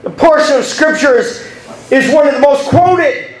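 Recorded from a distance amid background noise and roomy echo, a very high-pitched man preaches at a moderate pace. As pastor, he laughs his way through a story and calls to the congregation, who respond.

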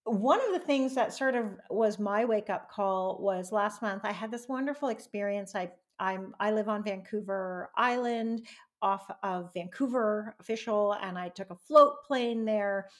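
A woman hosting a podcast interview in a casual, animated way, laughing often. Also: medium pitch. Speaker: podcast host.

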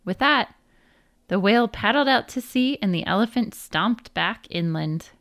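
A woman narrating a folk tale as a storybook read-aloud, with a lively, expressive delivery. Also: medium pitch, unhurried.

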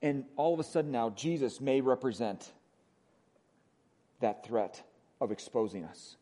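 A man with a Wisconsin accent preaching a sermon as pastor, conversational, often asking "right?", moving between emphatic lines and hushed ones. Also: medium pitch, expressive, unhurried. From Wisconsin, USA.

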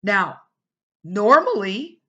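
A woman's voice: very slow, dull audio. A middle-aged woman hosting a podcast, telling a personal story casually and animatedly, acting out what other people said. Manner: animated, acts out quoted people with big pitch jumps. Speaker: podcast host.

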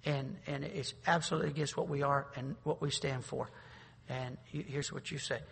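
A man pastor preaching a sermon, swinging between loud bursts and quiet asides. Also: medium pitch, steady tone, normal speed, gravelly, husky. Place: church sanctuary. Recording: long reverb of a large hall.

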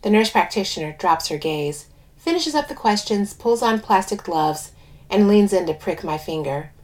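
A woman's voice: mid-range voice, lively intonation, moderate pace. A woman narrating a first-person story expressively, putting on voices for the characters.

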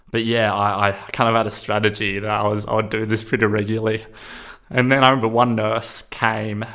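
Young man, low and even-toned, smooth voice; casual, rambling storytelling, candid and profane. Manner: rambling, candid, with frequent fillers and swearing. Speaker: storyteller recounting a personal experience.

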